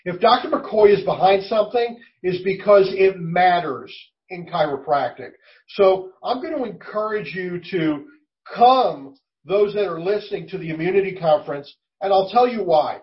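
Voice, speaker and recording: A man's voice: sits high, expressive, moderate pace, distant mic. A man speaking for a college in an interview, enthusiastic and emphatic. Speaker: college representative. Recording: muffled, away from the mic.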